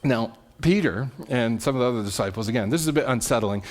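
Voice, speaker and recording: A man's voice: mid-range voice, fast. A man preaching a sermon as pastor, telling the story with animation, repeating words and checking in with "right?". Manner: repeats words and restarts mid-phrase.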